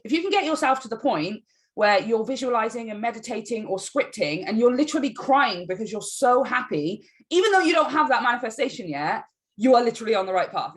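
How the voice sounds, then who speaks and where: A woman giving a casual tarot reading to camera, emphatic and encouraging, often checking in with "right?". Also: medium pitch. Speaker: tarot reader.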